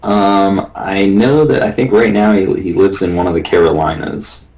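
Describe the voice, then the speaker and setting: A man chatting casually, halting and hesitant, with many restarts. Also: low voice, fairly even intonation, darkish tone, low-quality recording. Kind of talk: casual chat.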